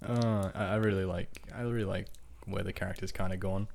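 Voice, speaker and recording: A man's voice: sits low, steady tone, brisk, gravelly, a little mellow, slight background noise. A man running a tabletop game, chatting casually on a podcast, joking around and repeating his words. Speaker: game master.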